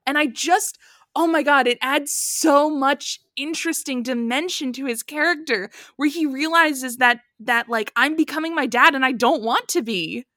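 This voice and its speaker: A woman co-hosting a casual film-review podcast, animated, swearing freely and laughing often. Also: sits high, moderate pace, no room sound, studio quality. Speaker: podcast co-host.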